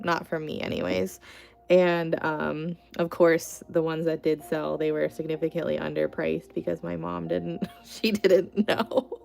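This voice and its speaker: A young woman chats on a livestream in a rambling, easygoing way, leaning on filler words as she tells stories. Her voice sits a bit low and carries a gravelly, fried edge. Faint music plays behind her. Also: darkish tone. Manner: rambling, chatty storytelling with many "like" fillers. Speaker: craft artist hosting a livestream. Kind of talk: casual livestream chat, reading comments.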